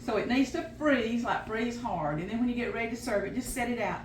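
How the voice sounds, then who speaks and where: Older Southern woman, folksy home-cook host, slightly high voice, echoey kitchen. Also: fairly quick, a little hiss or hum. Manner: folksy, chatty, homespun. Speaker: home cooking show host. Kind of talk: casual cooking demonstration.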